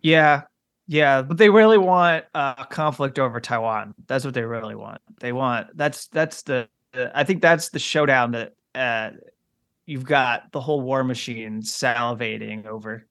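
A man of middle pitch speaks as a guest author in an interview. He talks in a measured way and often restarts his sentences. The recording is dry. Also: fairly bright tone, dry recording. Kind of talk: conversational interview.

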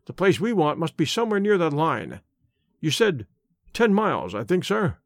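Male reader voices a bluff police inspector: brisk, hearty, lively in tone. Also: on the high side, no room sound, clean studio sound. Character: bluff, confident Victorian police inspector man.

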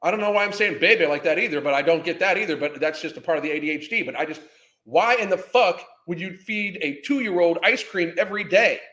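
A man with a notably high voice rants furiously, swearing and insulting as he goes. His voice rings in a roomy, echoey space, with a hard commentary-channel edge. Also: quick pace, pushed and bright. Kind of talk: profane reaction rant.

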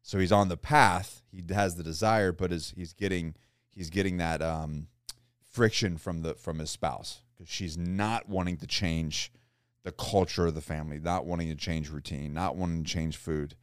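Deep smooth-voiced male podcast host. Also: fairly even intonation, normal speed, no room sound, studio quality. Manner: rambling, repeats himself while framing questions. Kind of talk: casual interview questions.

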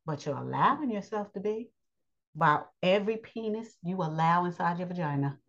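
A woman giving a blunt, preachy spoken lesson on relationships, pausing often with fillers. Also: on the low side, expressive, fairly bright tone, muffled recording. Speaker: teacher of a daily lesson.

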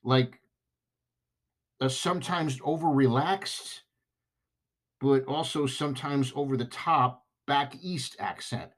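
Brief: male podcast host, slow and rambling, self-mocking jokes. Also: mid-range voice. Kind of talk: comedic podcast monologue.

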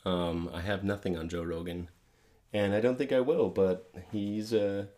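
A man's voice: lowish voice, steady tone, unhurried, dark tone. A middle-aged man co-hosting a podcast, chatting casually and laughing through his stories. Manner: laid-back, laughs while telling stories. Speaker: podcast co-host. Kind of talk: casual chat.

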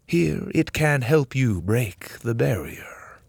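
A man voicing a solemn, wise male servant of light, speaking in a slow and grave way. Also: medium pitch, sing-song, creaky, a little mellow, no room sound, studio quality, voice pushed up, full character voice.

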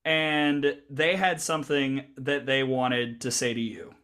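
A man's voice: medium pitch, fairly even intonation, takes it slowly, fairly bright tone, smooth. A man hosting a sports podcast, introducing his guest in an upbeat way. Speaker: podcast host. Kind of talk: casual chat.

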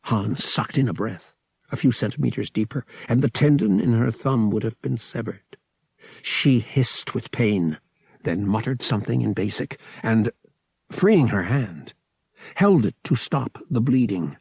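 A man narrating an adventure novel as an audiobook reader, in a measured storytelling manner. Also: medium pitch, expressive, creaky, darkish tone, husky, dry recording. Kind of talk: scripted narration.

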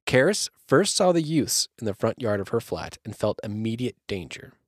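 A man's voice: lowish voice, sing-song, moderate pace, dry recording, studio quality. A man hosting a podcast, casually reading a spooky story aloud between profane jokes. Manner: profane, jokey, reads aloud. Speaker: podcast host.

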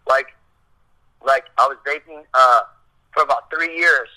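A man's voice: medium pitch, a little slow, bright, forceful tone, low-quality recording. A middle-aged man telling a rambling, profane story in a casual chat, acting out what people said. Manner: profane, rambling, acts out quotes.

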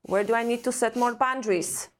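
A woman's voice: a little high, fairly quick. A woman with an Eastern European accent, a guest on a podcast, speaking earnestly and reflectively in a string of rhetorical questions. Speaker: guest expert on parenting and trauma. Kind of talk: podcast conversation.

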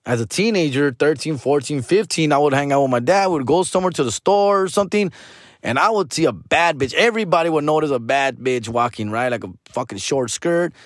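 Speaking fairly quickly with lively intonation and a slightly high voice, a man in his forties spins a casual, profane story in Chicano English from Los Angeles. He rambles, restarts, drops in Spanish and keeps addressing the listener as "fool" and "dog," all in studio-quality audio with no echo.

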